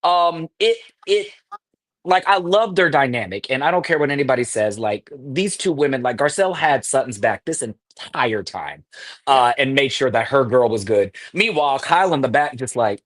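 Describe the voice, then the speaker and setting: A host recapping a reality TV episode on a live show, animated and laughing often. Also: medium pitch, moderate pace, no echo. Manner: animated storytelling with acted quotes. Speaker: podcast host.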